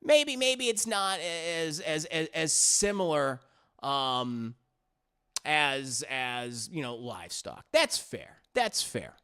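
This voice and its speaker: A man's voice: fairly high pitch, lively intonation, takes it slowly, sharp tone, clean tone, full character voice. A man voicing a cold, scheming little alien creature who lectures in a falsely innocent, condescending way. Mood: explaining. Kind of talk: animated recap voicing of a character.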